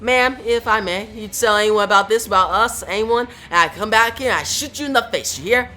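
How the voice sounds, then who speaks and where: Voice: mid-range voice, brisk, bright, forceful tone, soft background music, voice pushed up, lightly acted. A comic reviewer voicing a menacing armed woman who makes folksy, drawling threats in a raised voice.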